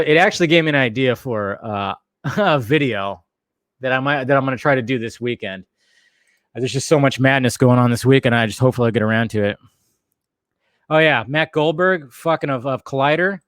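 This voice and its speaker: A man's voice: on the high side, fairly bright tone, dry recording, clean studio sound. A man hosting a live stream, ranting heatedly and swearing often while a little tipsy from bourbon. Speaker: streamer host.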